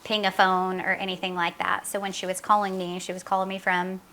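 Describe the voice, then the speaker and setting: A middle-aged woman tells her daughter's story as an interview guest. Her voice is bright and forceful. She talks in an earnest, halting way, with many fillers and re-enacted dialogue. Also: mid-range voice, flat delivery, a little hiss or hum. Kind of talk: emotional personal account in an interview.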